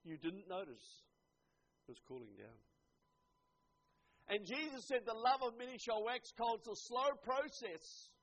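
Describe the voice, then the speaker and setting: An older man preaching a sermon, earnest, dropping to a hush and then rising to emphatic lines. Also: high voice, expressive, unhurried, long pauses. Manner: earnest, swings from hushed to emphatic. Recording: dull lo-fi recording.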